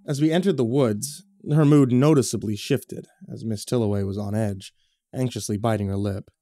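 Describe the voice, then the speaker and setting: A man reading a horror story as narrator, measured and low-key, on a close studio mic. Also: fairly even intonation, dark tone, no echo.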